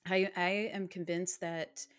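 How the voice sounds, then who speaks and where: A chatty woman co-hosts a casual podcast, her voice sitting a little low for a woman. She talks loosely and laughs often, trading banter with a friend. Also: little pitch movement, unhurried. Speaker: podcast co-host. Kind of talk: casual true-crime podcast chat.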